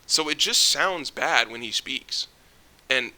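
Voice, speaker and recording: A man's voice: medium pitch, animated, slow, sharp tone. A young man ranting casually to camera, jittery and stumbling over his words, swearing often. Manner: swears often, rambling restarts. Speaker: vlogger.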